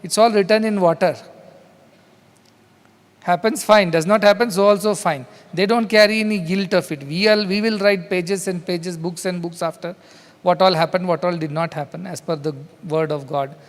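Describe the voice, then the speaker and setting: A man's voice: high voice, fairly even intonation, normal speed, big-room sound. A man with an Indian English accent giving a spiritual discourse, talking conversationally and acting out quoted dialogue in his stories. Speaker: spiritual teacher. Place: large hall.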